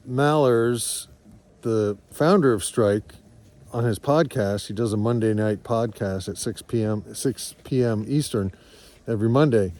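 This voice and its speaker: A man's voice: mid-range voice, darkish tone. A man telling a candid personal story in a rambling, earnest and reflective way, as a farm vlogger.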